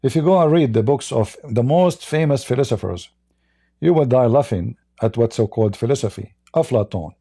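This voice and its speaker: A livestream host rants bluntly and mockingly in a monologue, repeatedly restarting his sentences. His medium-pitched voice is warm, with lively intonation and a moderate pace. The sound is dry and close-miked.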